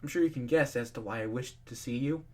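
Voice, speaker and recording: A man voicing a regal, calm pony princess in a fan storybook reading, speaking in a formal, measured way. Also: mid-range voice, close to an everyday voice.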